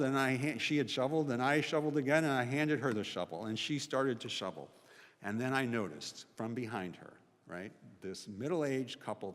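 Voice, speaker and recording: Man in his sixties, chapel reverb. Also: medium pitch. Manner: conversational, frequent "right?" tags. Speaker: guest speaker, sociology professor. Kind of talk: personal storytelling talk. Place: college chapel.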